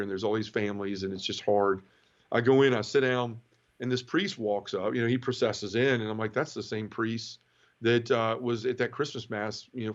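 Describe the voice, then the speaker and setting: A middle-aged man tells an emotional personal testimony, earnest and often repeating words when moved. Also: mid-range voice. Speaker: interview guest. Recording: slightly dull, lo-fi.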